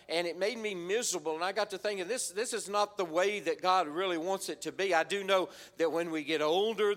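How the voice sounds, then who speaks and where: A man's voice: high voice, fairly bright tone. An older man preaching a heartfelt testimony, stumbling over repeated words and swelling into fervent cries. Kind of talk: sermon testimony.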